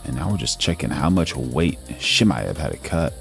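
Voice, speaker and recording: A man's voice: extremely low pitch, lively intonation, normal speed, gravelly, faint music behind. A man hosting a live stream, giving casual news commentary, reading chat aloud and calling everyone "bro". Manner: laid-back, calls everyone "bro", reads chat aloud.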